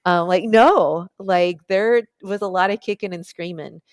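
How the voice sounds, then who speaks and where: A woman's voice: lowish voice, unhurried, no room sound, studio quality. A woman telling her personal story as a podcast guest, chatty and full of "like" fillers. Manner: chatty, many "like" fillers, lively quoted voices. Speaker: podcast guest, nonprofit founder.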